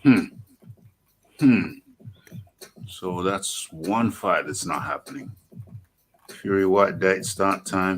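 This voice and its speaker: A man hosting a live online boxing talk show, animated and thinking aloud as he searches. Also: low voice, a little hiss or hum. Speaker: host.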